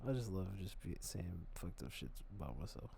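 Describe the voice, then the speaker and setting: A man giving loose, profane reaction commentary on videos, rambling and swinging between loud bursts and mutters. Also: low voice, very animated, brisk, gravelly, slight background noise.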